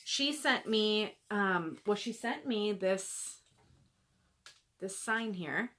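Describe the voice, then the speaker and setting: A woman hosting a cross-stitch video, chatting casually and gushing over gifts, with lots of fillers and soft asides. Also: mid-range voice, animated, drawn-out words. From American Midwest. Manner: gushing, chatty, many fillers, drops to near-whispers. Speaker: Flosstube host showing gifts. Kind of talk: casual chat to camera.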